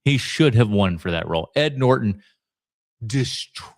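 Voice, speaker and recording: A man hosting a podcast, chatting casually and reacting to clips with frequent pauses and fillers. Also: mid-range voice, animated. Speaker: podcast host. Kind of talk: casual commentary.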